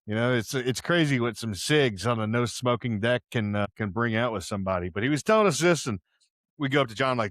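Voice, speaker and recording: A man's voice: mid-range voice, animated, brisk, fairly bright tone, no room sound, clean studio sound. A young man from Houston, casually telling a rambling, slang-filled story as a podcast host, wearing headphones. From Houston, Texas. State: partly deaf in one ear, wearing headphones. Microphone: headphones on, close mic.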